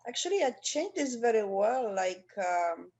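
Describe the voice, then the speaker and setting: A woman taking part in an online coaching session, speaking haltingly in non-native English and searching for words. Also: fairly high pitch, big pitch swings, a little mellow, breathy edge. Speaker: coaching participant.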